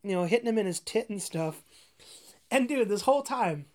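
A woman's voice: mid-range voice, lively intonation, moderate pace, darkish tone. A woman ranting casually about a movie, rambling with constant "like" fillers, profanity and frequent laughs.

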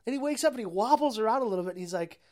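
A woman's voice: a little high, lively intonation, very fast, a little mellow. Rambling, profane young woman recapping a film. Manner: rambling, profane, laughing often, many fillers. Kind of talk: casual movie recap.

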